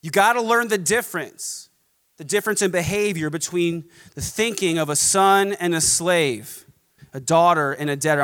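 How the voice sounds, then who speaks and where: A man's voice: on the high side, fairly bright tone. A man preaching a sermon as pastor, emphatic and rhythmic, stacking repeated contrasts. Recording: long hall reverb.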